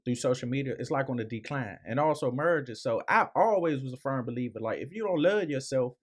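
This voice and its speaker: A man on a radio talk show panel, speaking haltingly with many fillers as he asks a question. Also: medium pitch, expressive. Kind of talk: casual talk show chat.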